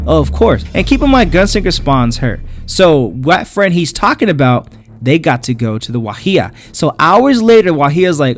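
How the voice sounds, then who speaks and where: Animated man recapping a comic. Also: on the high side, normal speed, faint music behind. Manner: chatty, slangy, animated. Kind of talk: casual comic storytelling.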